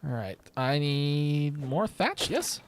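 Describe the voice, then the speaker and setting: A man's voice: on the high side, lively intonation, takes it slowly, a little hiss or hum. A young man streaming a game from home, rambling in casual commentary with wry, sarcastic asides. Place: home room with a webcam.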